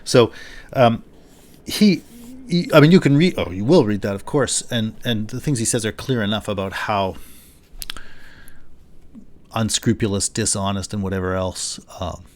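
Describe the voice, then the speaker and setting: A man's voice: fairly low pitch, moderate pace, long pauses. A man thinking aloud in a lecture. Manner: thinking aloud, with frequent restarts and fillers; paraphrases the text in a lively quoting voice. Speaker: philosophy lecturer. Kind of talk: unscripted university lecture.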